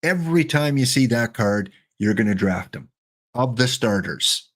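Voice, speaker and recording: A middle-aged man giving chatty, joking live-stream commentary while playing a baseball sim, excited and wired on coffee. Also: medium pitch, normal speed. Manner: chatty, joking, talks to chat bots.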